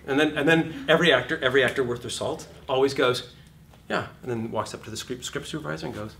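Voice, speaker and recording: A man's voice: mid-range voice, quick pace, a bit bright, far from the mic, a little hiss or hum. A man teaching an acting class, talking animatedly, swearing freely and acting out little scenes in put-on voices.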